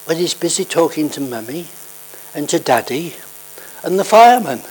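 A man voicing a shy little girl who answers a phone call in soft, hushed one-word replies. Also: a little high, big pitch swings, normal speed, husky.

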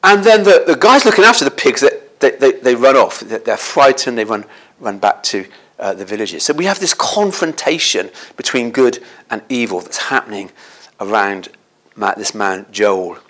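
A man telling a Bible story as a sermon in an animated way, often turning to his listeners with tag questions. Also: mid-range voice, normal speed.

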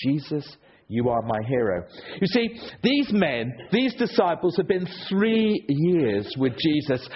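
A man preaching a sermon, telling stories with a rhetorical delivery that swings between loud and hushed. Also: a little high, a little hiss or hum. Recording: dull lo-fi recording.

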